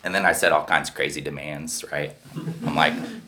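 Deep, bright-toned man telling his story. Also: steady tone, normal speed. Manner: candid and profane, keeps checking in with "right?". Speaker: speaker sharing a recovery story. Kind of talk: personal storytelling.

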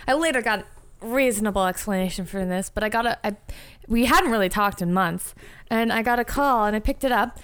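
A young woman chats casually as a podcast co-host, laughing easily as she tells a story. Her voice sits a little high. She keeps it loose, with quick asides. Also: a bit bright, smooth. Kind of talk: casual chat.

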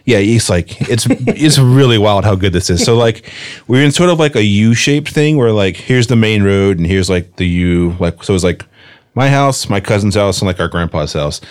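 Casting: young guy, lowish voice, animated storyteller, laughs a lot, podcast host. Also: moderate pace, smooth. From rural North Carolina. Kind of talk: casual chat.

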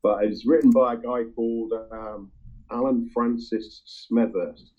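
Husky man on a tinny line. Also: mid-range voice, fairly even intonation, warm tone. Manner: halting, full of ums and restarts. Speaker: music-sharing group member. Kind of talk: casual chat.

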